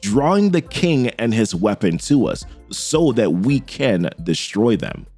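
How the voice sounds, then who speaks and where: A man's voice: mid-range voice, big pitch swings, unhurried, a little mellow, faint music behind, pitched below the performer's own voice. A man voicing a grave, ominous cult matron.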